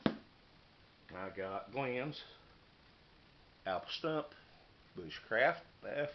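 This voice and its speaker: A YouTuber shows off knives and meal kits in an unboxing vlog, his mid-range voice lively in intonation as he rambles in a folksy, hurried way. The camera audio is muffled, lo-fi and noisy.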